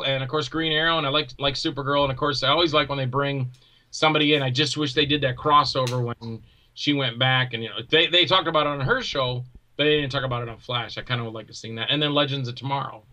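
A man being interviewed as a guest, an indie actor and filmmaker, telling stories in a rambling, animated way with many restarts. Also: medium pitch. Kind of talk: casual interview chat.

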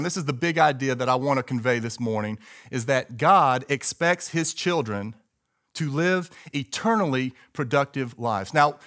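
A man's voice: medium pitch, a bit bright. A middle-aged male pastor preaching a sermon emphatically, calling on the congregation to repeat words with him.

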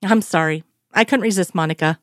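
A woman's voice: on the low side, fairly quick, no echo, studio quality, lightly acted. A woman reading as a teasing male agent. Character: teasing middle-aged male federal agent.

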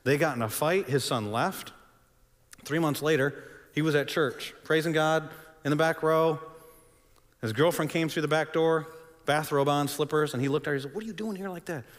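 A man's voice: on the high side, fairly even intonation, normal speed. Man preaching in a reverberant hall. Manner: dramatic, swings between loud and hushed. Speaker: pastor. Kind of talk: sermon storytelling.

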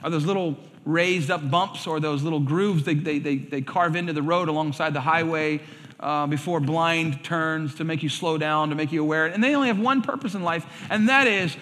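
A man's voice: fairly high pitch, normal speed, a bit bright. A male pastor preaching a sermon, telling stories animatedly and acting out quoted voices. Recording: reverberant hall sound.

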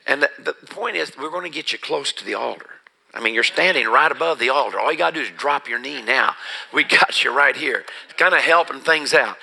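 A man's voice: medium pitch, vocal fry, bright, forceful tone, poor audio. A man preacher telling his personal testimony as a sermon, earnest and building to emphasis. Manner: earnest storytelling, rising to emphatic.

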